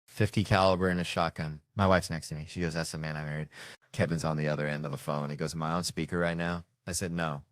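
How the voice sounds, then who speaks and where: A man with a fairly low voice spins rambling, profane comic anecdotes and voices the other people in them. The sound is dry and close, with almost no room in it. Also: fairly even intonation, fast, no room sound. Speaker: comedian telling stories. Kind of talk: stand-up storytelling.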